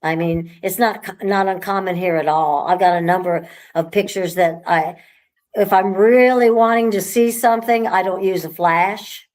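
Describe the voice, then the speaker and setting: A woman who owns a haunted house, chatting casually in a relaxed, rambling way with frequent restarts. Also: mid-range voice, moderate pace. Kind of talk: casual conversation.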